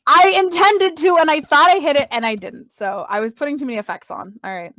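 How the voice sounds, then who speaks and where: A woman's voice: high voice, brisk, a bit bright, a little hiss or hum. A woman playing a tabletop game, talking bluntly and casually, swearing offhand and laughing. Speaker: player.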